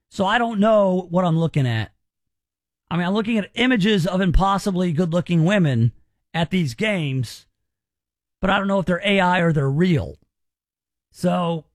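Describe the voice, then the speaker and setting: A man's voice: sits high, no room sound. A man hosting a talk radio show, chatting casually and rambling with jokes. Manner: rambling, joking.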